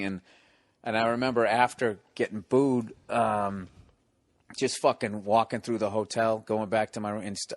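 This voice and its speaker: A man in his forties from the United States, a stand-up comedian telling stories on a podcast in a profane, animated way. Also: on the low side, no room sound. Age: 40s. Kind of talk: casual podcast storytelling.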